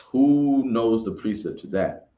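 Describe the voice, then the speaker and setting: A man's voice: medium pitch, animated, slow pace, dull audio. A man giving an informal religious class talk, rambling and repeating himself, often asking "right?". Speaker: class speaker.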